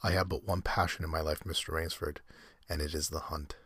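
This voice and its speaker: A man voicing a suave middle-aged aristocratic general who hunts, speaking slowly and courteously. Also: extremely low pitch, little pitch movement, a bit bright, slightly rough, no room sound, studio quality, exaggerated voice. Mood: courteous menace. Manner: slow, courteous, menacing.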